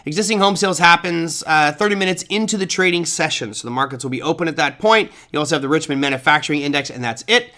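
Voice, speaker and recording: A man's voice: on the high side, fast talker, hardly any pauses, bright, forceful tone. A man hosting a live trading show, casually talking through charts and answering viewer chat. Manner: casual, chatty, thinks aloud with fillers. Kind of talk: live market commentary, reading viewer chat.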